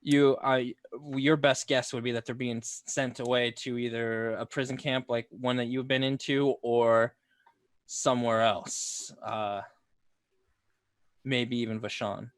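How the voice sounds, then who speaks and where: A man narrating a tabletop game as game master in a loose, halting way. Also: mid-range voice, level tone, clean tone, no room sound, studio quality.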